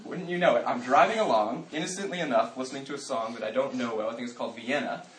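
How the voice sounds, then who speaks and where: A man giving a humorous, then quietly earnest Christian talk to a live audience. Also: mid-range voice, quick pace, slight background noise. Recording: roomy sound from a distant mic.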